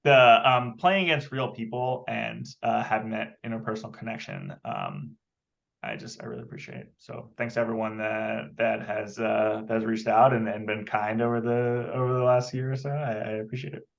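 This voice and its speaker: A man appearing as a podcast guest, speaking in a modest, halting way with many fillers. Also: on the low side, vocal fry, highs cut off. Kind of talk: casual interview chat.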